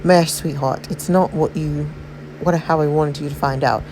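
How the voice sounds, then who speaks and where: A woman voicing a middle-aged police chief father who gently and carefully confides an old family secret to his daughter. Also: deep voice, steady tone, normal speed, background noise, close to an everyday voice. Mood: earnest.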